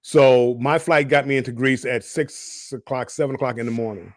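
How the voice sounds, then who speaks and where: A middle-aged man co-hosting a live cruise stream rambles through his stories in casual chat, often restarting and repeating words. His voice is ordinary in pitch with fairly even intonation and a moderate pace, captured in a dry, close recording.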